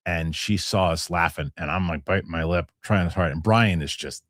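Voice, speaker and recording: A middle-aged man with a low voice hosts a casual chat show. He tells stories in a lively, rambling way, full of restarts and fillers, and his voice sounds dry and close to the mic. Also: normal speed, no echo. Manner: animated storyteller, many restarts and fillers. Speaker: show host.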